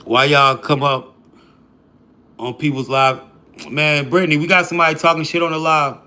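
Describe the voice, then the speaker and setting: A man's voice: a little high, fairly even intonation, moderate pace, sharp tone. A man hosting a livestream, chatting casually and slangily with his viewers. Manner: laid-back, slangy, addresses chat. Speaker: livestream host.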